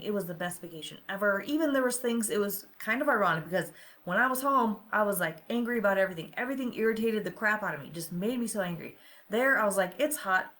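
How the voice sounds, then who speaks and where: A woman's voice: medium pitch, a bit bright. A middle-aged woman hosting a podcast and coaching, speaking candidly and confessionally and often checking in with "right?". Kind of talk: personal podcast monologue.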